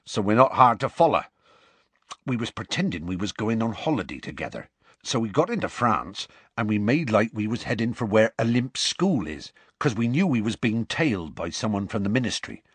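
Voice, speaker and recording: A man voicing a huge rough-spoken half-giant gamekeeper with a folksy country dialect and dropped letters, telling a story at an unhurried pace. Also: on the low side, big pitch swings, dry recording, pitched above the performer's own voice.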